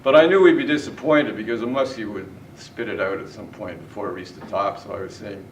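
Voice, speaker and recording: A middle-aged man chuckles his way through fishing stories as part of a tribute speech at a party in a large indoor room. He talks briskly with hardly any pauses in a voice on the low side, and the audio is distant, echoey, and full of party noise.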